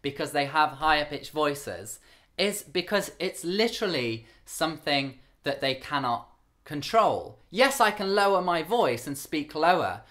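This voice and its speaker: A young man vlogging to camera with a light camp rasp, speaking earnestly in a higher-pitched voice he holds a little lower than his relaxed one. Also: a little slow. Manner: earnest, candid. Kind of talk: talking to camera.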